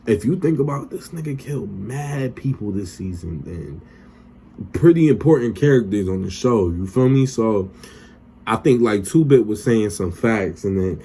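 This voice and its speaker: Laid-back slangy man with a low mellow voice. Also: expressive, moderate pace, husky. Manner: loose, slangy and profane, acts out characters' lines. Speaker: TV recap vlogger. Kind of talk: casual chat.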